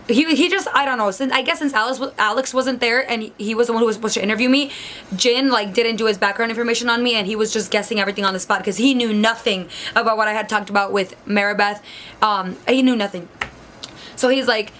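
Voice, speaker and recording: Fairly high-pitched and slightly bright, a young woman vlogger chats through a storytime, saying "like" often and performing other people's lines. There's slight background noise.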